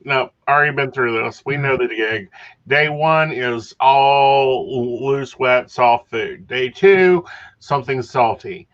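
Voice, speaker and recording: A man's voice: mid-range voice, takes it slowly, fairly bright tone. A man co-hosting a podcast in casual chat, wry and chatty as he tells his stories. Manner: chatty, wry, recounting with dry humor. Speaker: podcast co-host. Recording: dull lo-fi sound.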